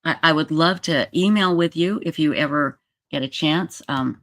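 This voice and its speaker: A livestream host chatting casually and reading viewer comments aloud, emotional and halting, with many fillers. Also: mid-range voice, fairly bright tone, slight background noise.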